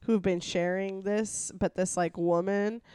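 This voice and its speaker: A woman's voice: mid-range voice, fairly even intonation, measured pace, warm tone, clean tone, dry recording. A woman guest in a casual podcast chat, apologetic and heavy on "like" fillers.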